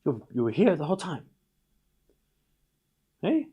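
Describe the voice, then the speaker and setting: A man hosting a live tennis watchalong stream, calling points quickly, chatting with viewers and groaning out loud when things go wrong. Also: fairly high pitch, breathy edge, muffled recording. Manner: excitable, groans and cries out at points. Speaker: stream host.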